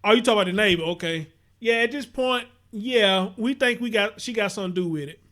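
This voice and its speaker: Talking fast in a high, pushed, bright voice, a Southern US livestream host from Houston delivers casual commentary. He's blunt and profane, repeats himself, and reads viewers' comments aloud.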